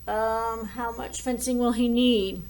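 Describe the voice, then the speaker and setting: A woman teaching a math lesson, working problems aloud at an unhurried pace. Her voice sits a little high, and she narrates each step as she draws and writes. Plain, practical delivery with small asides. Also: steady tone, darkish tone. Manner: talks while drawing and working problems aloud.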